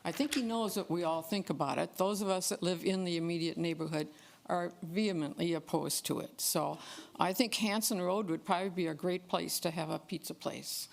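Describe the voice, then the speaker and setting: A woman with a slightly low voice stands at a council meeting to speak against a proposal. She is firm and opposed, and she repeats phrases for emphasis. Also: brisk, vocal fry. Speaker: resident giving public comment. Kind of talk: public comment at a council meeting. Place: council chamber.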